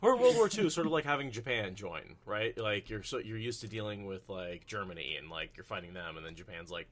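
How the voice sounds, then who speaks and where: A man with a lowish voice chats casually about a fantasy series. He rambles and restarts as he piles up comparisons. Keep it loose, like a podcast conversation among friends. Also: expressive, a little fast, crowd noise. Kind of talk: casual book discussion chat.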